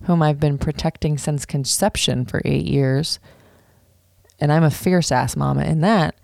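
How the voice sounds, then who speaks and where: A woman in her thirties telling a personal story to camera in an animated, casual way, full of "like" and swearing freely. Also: sits low, unhurried, vocal fry, no room sound, studio quality. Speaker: vlogger. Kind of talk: storytime monologue.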